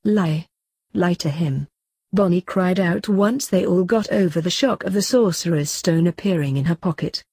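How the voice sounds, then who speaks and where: A woman reading fanfiction aloud in a steady, even narration. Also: on the low side, normal speed, few pauses, breathy edge, no room sound. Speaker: fanfiction reader.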